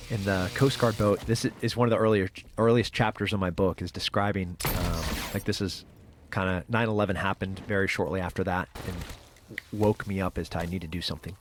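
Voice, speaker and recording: Sharing something from his own life, a middle-aged interview guest stumbles along, restarting often and leaning on filler words in a casual conversation. Faint hiss or hum sits under his fairly low voice.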